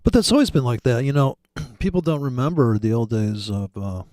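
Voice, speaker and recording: A man's voice: medium pitch, animated, fairly quick, darkish tone, no echo, studio quality. A man from Michigan chatting casually, joking and rambling with many restarts. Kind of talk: casual chat.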